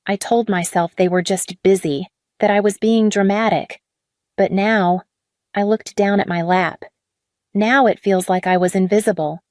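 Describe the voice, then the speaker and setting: A woman reading a scripted first-person drama story in a measured, even way. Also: medium pitch, no echo, studio quality. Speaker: story narrator.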